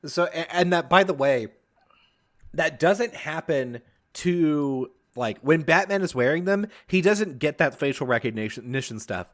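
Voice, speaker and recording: Animated man in casual podcast chat. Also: a little high, measured pace. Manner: animated, swears freely. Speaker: podcast co-host. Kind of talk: casual film discussion.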